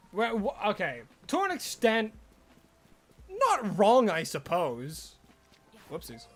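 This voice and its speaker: High, lively Australian man streaming. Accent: Australian with some American. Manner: chatty, answers viewer questions as they come. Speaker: live streamer. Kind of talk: casual live-stream chat.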